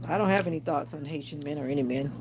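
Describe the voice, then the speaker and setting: A woman's voice: low voice, quick pace, noisy background. A woman hosting a casual livestream, chatting and answering viewer comments aloud. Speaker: livestream host.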